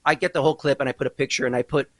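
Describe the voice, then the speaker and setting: A man hosting a podcast, telling a story with animated mock outrage in a casual chat. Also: medium pitch, racing, no echo, low-quality recording. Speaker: podcast host.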